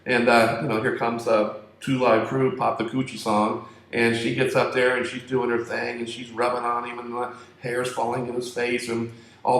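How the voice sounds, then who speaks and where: A man's voice: mid-range voice, slight background noise. A man telling a crude, profane, joking story in a rambling monologue. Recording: echoey room.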